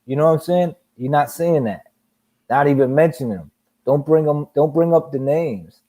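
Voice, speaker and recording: A young man hosting a casual boxing chat, animated and profane, often mimicking other people in a raised voice. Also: a little high, normal speed. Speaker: podcast host.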